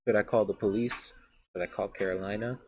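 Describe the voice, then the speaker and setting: A man reading a horror visual novel aloud, dramatic, with sudden loud outbursts and rambling asides. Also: fairly low pitch, fairly even intonation, fairly quick. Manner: dramatic, blurts out loud swearing, trails off into asides. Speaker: gaming YouTuber.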